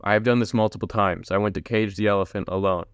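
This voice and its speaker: A man with a fairly low, smooth and clear voice rambles through a casual solo podcast, hopping from tangent to tangent. He talks straight to his viewers as a chatty host. The sound is close and dry, with no room around it. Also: steady tone, fast talker, no echo.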